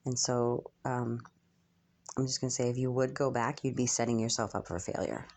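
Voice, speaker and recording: A woman's voice: very deep voice, steady tone, normal speed, a little mellow. A young woman channeling messages for her viewers in a spiritual reading, musing aloud with frequent ums and hesitations.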